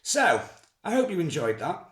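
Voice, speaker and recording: A man performing dark comedic spoken word in scathing, sardonic rhyming verse. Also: fairly high pitch, big pitch swings, moderate pace, roomy sound, heavy background noise.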